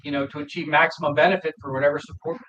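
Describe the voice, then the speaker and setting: A man appearing as a guest, explaining his product in a halting way with many restarts over a remote call. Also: fairly high pitch, level tone, fairly bright tone. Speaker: guest, gate product maker. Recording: distant dull remote line with noise.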